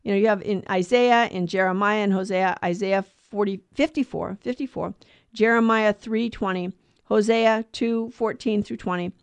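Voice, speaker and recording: A woman's voice: mid-range voice, steady tone, moderate pace, smooth, no echo. A woman co-hosting a podcast, explaining a gospel reading in casual chat, digressing and correcting herself as she goes. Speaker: podcast co-host teaching scripture.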